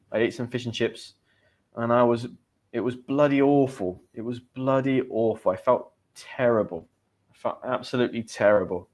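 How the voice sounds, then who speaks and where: An Englishman teaching English expressions in a chatty, upbeat live stream, repeating key words and reading viewers' comments. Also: mid-range voice. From England. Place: home in Spain.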